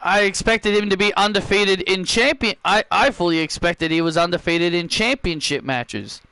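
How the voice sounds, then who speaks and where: High-voiced man doing wrestling commentary. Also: normal speed, clear, resonant tone, no room sound. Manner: excitable, repeats himself. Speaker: host and game commentator. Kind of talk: play-by-play wrestling game commentary.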